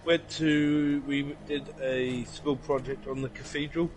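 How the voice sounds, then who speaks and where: A man's voice: a little high, steady tone, measured pace. A man chatting playfully and joking while playing a game on a stream. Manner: playful, jokey. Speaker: co-player on stream. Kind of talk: casual gaming chat.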